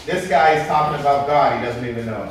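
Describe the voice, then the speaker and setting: A man preaching a sermon as pastor, lively and joking with the congregation. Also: mid-range voice, quick pace, slight background noise. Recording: echoey hall from far off.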